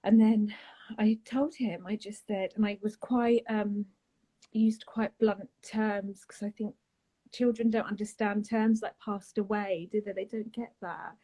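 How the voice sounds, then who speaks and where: A woman, a guest telling a painful personal story in a soft, halting way, often trailing off and starting again. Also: medium pitch, steady tone, rough recording. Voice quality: husky, breathy. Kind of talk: emotional personal account on a live chat.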